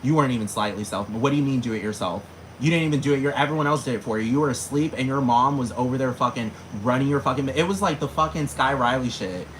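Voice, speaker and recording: Guy ranting to camera, swearing a lot, slangy and animated, regular pitch, lil bit of cricket noise in the back. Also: fast talker, low-quality recording. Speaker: vlogger. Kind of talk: casual rant to camera.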